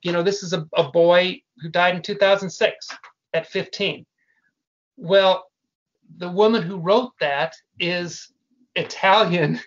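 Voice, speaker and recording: Speaking a little slowly with fairly even intonation, an older guest who founded a family business shares earnest stories in relaxed conversation. His voice sits high and is fairly bright, he frequently starts sentences over, and the recording sounds muffled and lo-fi.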